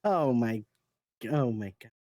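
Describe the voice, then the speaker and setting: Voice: medium pitch, lively intonation, slow pace, dark tone, dry recording. Tabletop player, lots of ums and likes, dry close mic sound. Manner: hesitant, many fillers.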